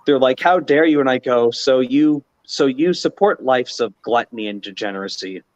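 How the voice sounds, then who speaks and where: A man's voice: medium pitch, moderate pace, no room sound. A man in a casual podcast chat, talking in a mocking way and laughing at his own jokes. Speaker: channel host. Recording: slightly dull lo-fi audio.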